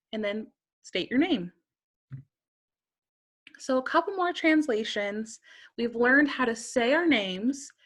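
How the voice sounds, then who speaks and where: A woman's voice: on the high side, a bit bright. A woman teaching a beginner Spanish lesson, carefully modeling each phrase and quizzing the listener.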